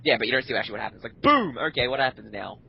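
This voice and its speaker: A man's voice: medium pitch, big pitch swings, rapid-fire, creaky, dull audio, slight background noise. A man co-hosting a casual gaming podcast, rambling and complaining animatedly. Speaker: podcast co-host.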